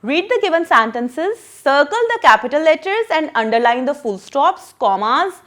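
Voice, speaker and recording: A woman's voice: high-pitched, sing-song, moderate pace, a bit bright. A woman teacher explaining a lesson to children, patient and repeating her questions.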